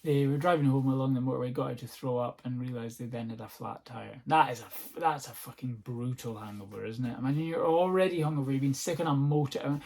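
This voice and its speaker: A man's voice: medium pitch, fast, creaky, few pauses, a little mellow. A young Scottish man from the north-east, hosting a solo comedy podcast at home, rambling, swearing and laughing easily. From north-east Scotland. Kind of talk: casual solo podcast monologue. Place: at home on a sofa-bed seat.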